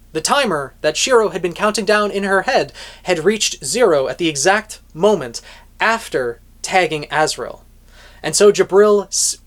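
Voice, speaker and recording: Dramatic storytelling book reviewer. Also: medium pitch. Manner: dramatic storytelling retelling, with offhand asides. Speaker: light novel reviewer. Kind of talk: plot recap with commentary.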